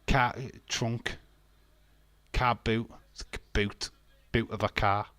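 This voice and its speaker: A British man hosts a casual watch-along stream, chatting loosely and reading viewers' comments aloud between laughs. His voice sits low, and the close mic keeps it dry with no room sound. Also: flat delivery, slow, sharp tone, clear, resonant tone, no room sound. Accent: British English. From England. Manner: banters and reads chat comments aloud, laughing often. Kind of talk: casual live-stream chat.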